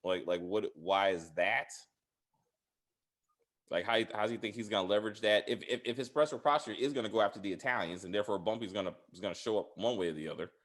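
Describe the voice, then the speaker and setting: A man casually chatting as a podcast host, rambling with many fillers and restarts. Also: quick pace. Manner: laughs loudly and high. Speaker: podcast host reviewing a TV series. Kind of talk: casual chat.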